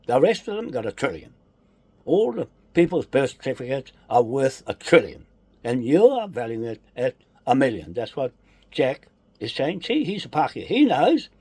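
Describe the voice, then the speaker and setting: A man's voice: medium pitch, very animated, moderate pace, a little mellow, husky, no room sound. A man delivering an angry, accusatory political rant, repeating his charges with heavy emphasis.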